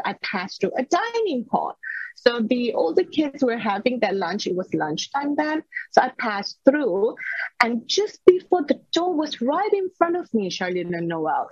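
Husky-voiced woman telling a heartfelt story. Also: fairly high pitch, no room sound. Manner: earnest, heartfelt recounting. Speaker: podcast guest. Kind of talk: personal storytelling in an interview. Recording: slightly dull lo-fi recording.

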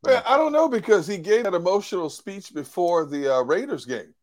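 A man with a somewhat high voice, analyzing a game on a post-game show. He talks in an animated way, repeats his words and acts out what others said. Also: brisk. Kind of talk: casual sports talk.

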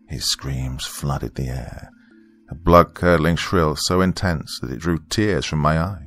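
A man narrating a first-person horror story in a steady, grave way. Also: rumbling low.

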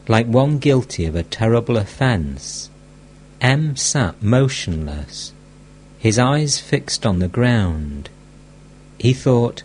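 Male narrator, scripted narration, measured, low pitch, animated intonation. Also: slight background noise. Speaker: audiobook narrator.

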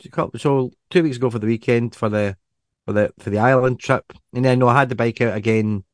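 A man's voice: medium pitch, quick pace, no room sound, clean studio sound. A man with a Scottish accent co-hosting a podcast, chatting casually and rambling with many restarts. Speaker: podcast co-host. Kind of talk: casual chat.

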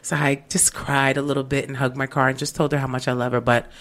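A woman with a low voice co-hosts a casual heart-to-heart chat. She tells her stories with animated energy and acts out the voices of the people in them, swinging between hushed moments and excited bursts. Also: fast. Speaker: podcast co-host.

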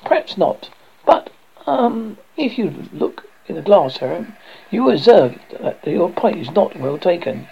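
A man voicing a calm, mocking male visitor who drops in at midnight and teases his host in a dry manner. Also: high voice, unhurried, creaky, a little hiss or hum, full character voice. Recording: dull lo-fi recording.

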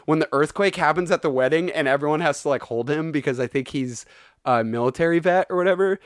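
A man's voice: fairly high pitch, fast talker, smooth, no room sound, clean studio sound. A man co-hosting a movie podcast in casual chat, talking in an eager, rambling way and often repeating favorite lines.

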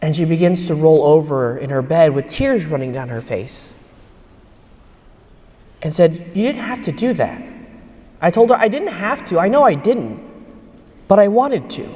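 A man's voice: high voice, lively intonation, measured pace, pauses often, dark tone. A young man giving a homily at Mass as a priest, telling a personal story in an earnest way. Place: church. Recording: long church reverb.

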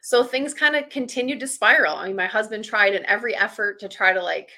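A woman's voice: mid-range voice, fast, bright, forceful tone. A woman on a podcast as a guest, telling a candid personal story in a chatty way, with lots of "like" and acted-out past thoughts. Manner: chatty, heavy use of "like", acts out past thoughts.

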